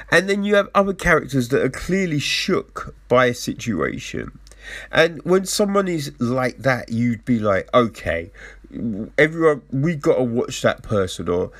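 A man giving a casual, profane book review, exasperated and acting out the characters' lines in quick asides. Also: medium pitch. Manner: exasperated, profane, animated storytelling.

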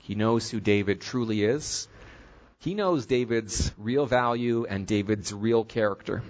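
A man preaching a sermon, earnest and steady, retelling a scripture story and drawing its lesson. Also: on the low side, measured pace, highs cut off.

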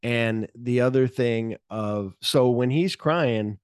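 A man's voice: medium pitch, slow, clear, resonant tone, no room sound, clean studio sound. A man hosting a casual movie podcast, retelling scenes with swearing and acting out the characters' lines. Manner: animated storytelling, swears freely, acts out characters' lines. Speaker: podcast host.

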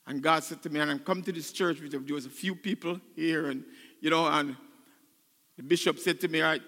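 An older man preaching a sermon as pastor, choked up and emotional, building to loud, fervent passages. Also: on the high side, steady tone, fairly quick, long reverb tail. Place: church sanctuary.

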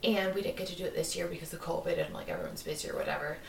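Midwestern woman, podcast host, gravelly fry, sharp tone, roomy sound a bit off-mic. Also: on the low side, fairly even intonation, very fast, distant mic, a little hiss or hum. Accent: Upper Midwest American. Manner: giggly, rambling, lots of "like". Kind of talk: casual chat.

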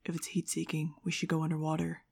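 A woman voicing a quiet, tense winged teenage boy with a hushed, dry delivery in an audiobook. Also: low-pitched, monotone, fast, creaky, husky, full character voice.

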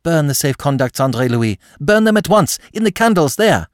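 A sharp, urgent young woman, put on by a man reading aloud. Her lines come raised and quick-minded. The recording is dry and close. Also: fairly high pitch, very animated, no room sound, pitched above the performer's own voice.

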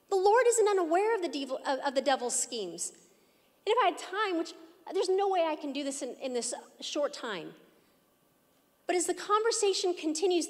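A woman pastor preaching an emphatic, earnest sermon in a church hall. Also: extremely high pitch. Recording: echoey hall.

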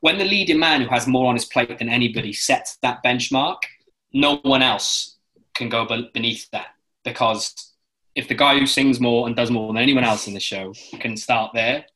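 A British man from London chats as a guest, spinning rambling stories full of tangents and restarts. His voice is bright and forward, and his pitch sits right in the middle for a man. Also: moderate pace, poor audio. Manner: lively storyteller who acts out other people's voices in his anecdotes. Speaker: guest, musical theatre actor. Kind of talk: casual chat, anecdote telling.

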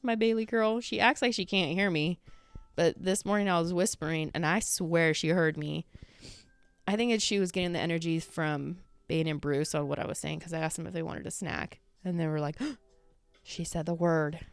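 Woman chatting on her podcast at home, kinda low voice, rambly, swears a bit, dry mic. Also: brisk, creaky, clean tone, no room sound, soft background music. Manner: rambling, filler-heavy, swears casually. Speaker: podcast host. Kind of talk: casual solo chat.

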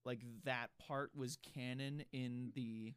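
A man's voice: mid-range voice, steady tone, slow pace, fairly bright tone, smooth, dry recording. Casting: male podcast co-host, casual and rambling, dry close sound. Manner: rambling, filler-heavy storytelling. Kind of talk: casual chat.

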